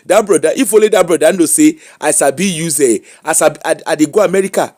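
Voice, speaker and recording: A Nigerian man rants on a live stream in a voice that sits high for a man. He talks in an animated, mocking way and slips into teasing sing-song bits. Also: fast. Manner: animated Pidgin rant, mocking, laughing. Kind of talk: ranting live-stream monologue.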